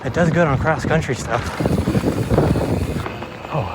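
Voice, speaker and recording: A man's voice: a little high, measured pace, very noisy. A young man vlogging while he rides a mountain bike through the woods, out of breath and swearing, joking about his own lack of skill. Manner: breathless, swearing, self-deprecating commentary. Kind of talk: casual narration while riding. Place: outdoors on forest trails.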